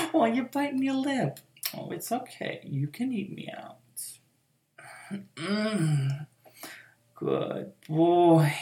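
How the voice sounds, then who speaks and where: A woman performing an adult audio role-play as a teasing, domineering girlfriend who purrs, laughs low and slips into soft whispers. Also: vocal fry, roomy sound, exaggerated voice.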